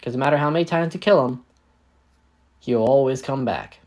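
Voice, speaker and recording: A man's voice: medium pitch, normal speed, a little mellow, natural voice. A man voicing a young woman who leads a heist crew, fond but exasperated. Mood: wary.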